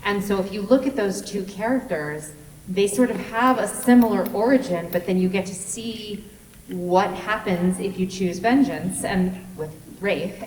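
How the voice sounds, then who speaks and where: Woman, panel guest, measured articulate answer, lowish voice, far off mic, roomy echo. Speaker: game voice actor on a panel. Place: convention hall. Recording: echoey, distant, faint background hum.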